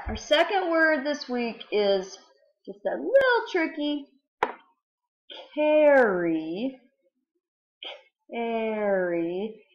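A woman teaching a spelling lesson to young children, patiently sounding out letters. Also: on the high side. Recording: roomy, dull lo-fi home recording.

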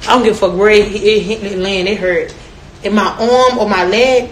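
A woman's voice: mid-range voice, steady tone, normal speed. A young woman telling stories in a casual chat, brash and profane, often laughing. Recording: echoey room with faint noise.

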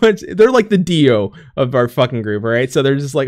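A young man with a high, bouncy voice tells a game's story in loose, profane casual chat. He laughs often, jumps into quick character voices, and sounds a little out of breath. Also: big pitch swings. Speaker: podcast co-host recapping a game story.

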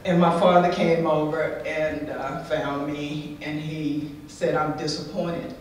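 A woman's voice: sits low, flat delivery, slow pace, a little mellow, slight background noise. A middle-aged woman giving an inspirational conference talk, telling her own story with candid humor. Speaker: conference speaker. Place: large conference hall. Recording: echoey hall, distant mic.

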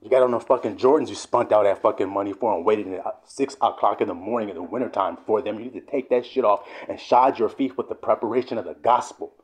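A man's voice: on the low side, fast talker, hardly any pauses. Fiery, swearing man preaching. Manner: fiery, swearing, often loud and shouting. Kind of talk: fiery profane sermon rant.

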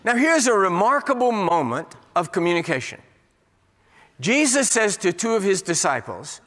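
High-voiced man preaching in an echoing church. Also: moderate pace. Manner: animated storyteller, acts out quoted voices. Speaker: guest preacher. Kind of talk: sermon with humorous stories. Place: large church sanctuary. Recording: long church hall reverb.

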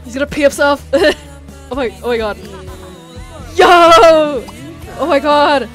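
A woman giving excitable, foul-mouthed commentary on a life-sim game, squealing and shouting at what happens. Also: high-pitched, slow pace, soft background music. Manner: excitable, swears a lot, squeals and shouts in bursts. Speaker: gamer.

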